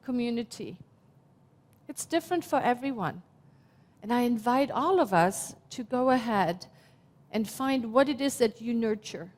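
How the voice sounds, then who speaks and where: A woman in her fifties from Germany, speaking with a German accent as she gives a slow, reflective, heartfelt sermon as minister. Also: a little high, animated, darkish tone. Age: 50s. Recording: long hall reverb.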